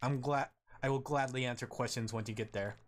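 A man voicing a cryptic male servant of a moon god in a deliberately monotone voice, reading game dialogue aloud. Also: mid-range voice, close to an everyday voice. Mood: solemn. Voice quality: monotone, flat delivery.

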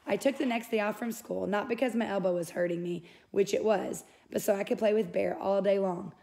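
A woman's voice: mid-range voice, brisk, gravelly, warm tone. A woman reading a first-person novel aloud in an unpolished way, with small slips and self-corrections. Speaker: audiobook reader.

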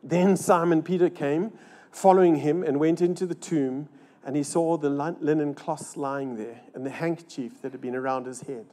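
Older male pastor for a church sermon; theatrical, dips from loud peaks to near-hushed asides, asks the congregation rhetorical questions. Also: fairly even intonation, moderate pace. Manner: dramatic, swings between loud rises and hushed low lines. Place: church service.

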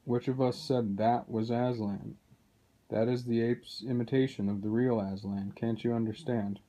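A man's voice: mid-range voice, steady tone, normal speed, dark tone, close to an everyday voice. A man reading an indignant young king.

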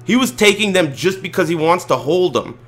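A man streaming, telling a casual, profane, rambling story with animated delivery. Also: high-pitched, fairly quick.

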